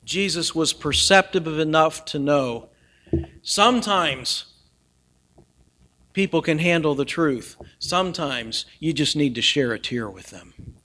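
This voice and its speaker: A man preaching a sermon earnestly, swinging from loud emphasis down to near-whispers. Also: fairly high pitch, lively intonation, takes it slowly. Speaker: pastor.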